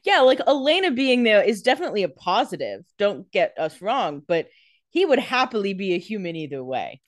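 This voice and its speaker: A woman co-hosting a podcast in casual chat, with quick jokey reactions and frequent laughs. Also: medium pitch, very animated, dry recording, clean studio sound. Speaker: podcast co-host.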